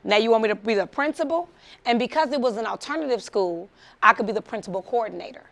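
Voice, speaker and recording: A woman's voice: on the high side, fast talker, vocal fry. A middle-aged woman from the Chicago suburbs, giving a motivational talk as a story and acting out the voices of the people in it. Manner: animated, acts out quoted voices, laughs often. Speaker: motivational speaker.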